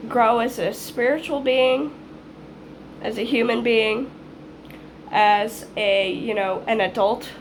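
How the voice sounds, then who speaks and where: A woman in her twenties who grew up in Hawaii tells a rambling personal story in a casual vlog, swearing freely and acting out things she once said. Her voice is fairly high with vocal fry, over a little hiss or hum.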